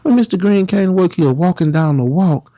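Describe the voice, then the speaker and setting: A man, a guest, telling stories in a casual, animated way and acting out the other people's voices. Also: sits high, brisk, dry recording, studio quality. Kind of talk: casual storytelling.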